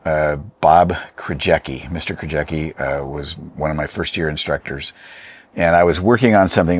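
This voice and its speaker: A man, an artist being interviewed, talking casually in a rambling, hesitant way with many fillers and restarts. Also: very deep voice. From Oregon, USA. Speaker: artist and painter.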